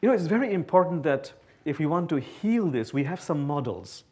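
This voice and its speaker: Animated man lecturing. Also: a little high, fairly quick. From Bangladesh. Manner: animated, playful storyteller. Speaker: guest speaker. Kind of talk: public lecture. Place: talk before a live audience.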